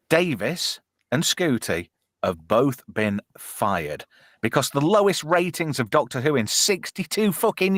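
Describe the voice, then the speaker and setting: A man's voice: mid-range voice, a bit bright, no echo, clean studio sound. A middle-aged man hosting a casual live stream, swearing freely and teasing his co-hosts. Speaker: host.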